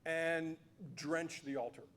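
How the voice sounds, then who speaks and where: A man's voice: fairly high pitch, fairly even intonation, slow pace, a bit bright. A man quoting Elijah, a commanding old prophet. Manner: insistent, commanding orders.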